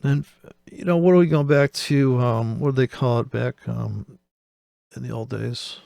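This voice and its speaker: A man's voice: medium pitch, fairly even intonation, a little slow, creaky, mellow, no echo, clean studio sound. A man hosting a show, giving rambling, sarcastic, profane commentary while reacting to a video. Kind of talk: casual commentary.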